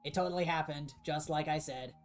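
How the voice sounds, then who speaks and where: A man's voice: a little high, fairly quick, faint music behind, lightly acted. A man doing a stiff, formal robot. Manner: stiff, formal speech without contractions. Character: formal male robot scavenger leader.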